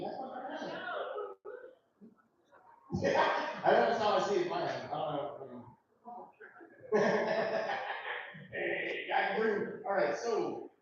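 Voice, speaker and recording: A man hosting an open mic and doing crude, animated stand-up. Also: high-pitched, slow, pauses often, far from the mic, slight background noise. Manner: crude, animated, loud storytelling. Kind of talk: stand-up comedy set. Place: comedy club open mic. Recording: echoey room from afar, dull lo-fi.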